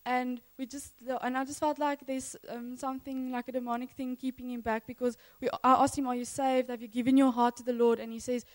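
High-voiced woman, eager rambling church testimony with frequent laughs. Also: level tone, brisk, hardly any pauses, poor audio. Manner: enthusiastic, rambling, laughs often. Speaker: church member sharing mission testimony.

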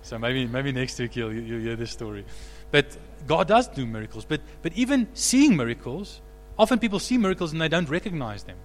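A man preaching a sermon as pastor, animated, rising to loud emphatic peaks. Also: medium pitch, a little fast, few pauses, long reverb tail, a little hiss or hum.

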